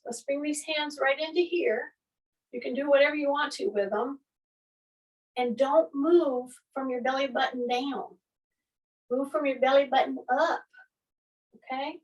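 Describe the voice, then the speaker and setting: A woman's voice: sits high, a bit bright, distant mic, rough recording. A woman fitness instructor leading a workout, coaching in an upbeat way and checking in with "okay?" as she goes.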